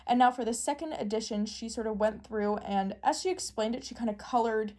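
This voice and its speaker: A woman in casual, excitable chat, gushing and giggling as she shows off a new deck. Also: fairly high pitch, a little fast. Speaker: tarot deck reviewer.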